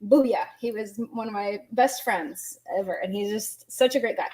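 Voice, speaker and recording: A woman's voice: mid-range voice, a little mellow. A woman teaching an online language lesson, explaining grammar patiently and quizzing her students. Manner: patient, explains slowly, asks students questions.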